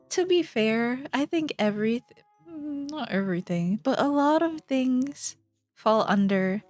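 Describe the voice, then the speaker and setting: A woman's voice: medium pitch, lively intonation, unhurried, darkish tone, no room sound, soft background music. A young woman streamer chatting casually with her viewers, rambling, giggling and trailing off mid-sentence. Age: young adult.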